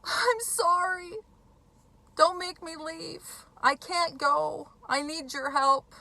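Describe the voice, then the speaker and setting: A remorseful addict pleads to be allowed to stay, in a high, whiny, drawn-out voice, as a woman puts it on. The tone is bright and begging. It is a voice acted out in a direct-to-camera talk. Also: steady tone, creaky, dry recording, exaggerated voice. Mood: pleading.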